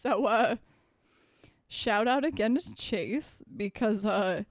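A woman's voice: medium pitch, takes it slowly, dry recording, clean studio sound. A young woman co-hosting a casual true-crime podcast, joking and swearing freely between laughs. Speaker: podcast co-host.

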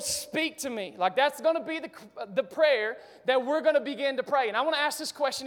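A man preaching a sermon to his congregation, talking casually and with lots of energy, joking as he goes. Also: extremely high pitch. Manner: energetic, casual, talks straight to the congregation and jokes. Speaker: pastor. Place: church sanctuary. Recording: reverberant hall.

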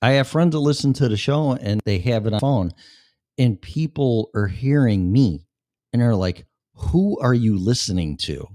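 A man's voice: mid-range voice, normal speed, dark tone, no room sound. A man hosting his own radio show, talking in a blunt, profane and rambling monologue into a studio microphone. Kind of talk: casual monologue.

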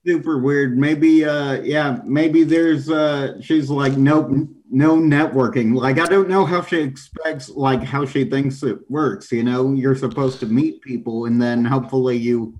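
A man co-hosting a podcast in casual chat, mostly agreeing and slipping in quick jokes. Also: medium pitch, steady tone, darkish tone. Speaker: podcast co-host.

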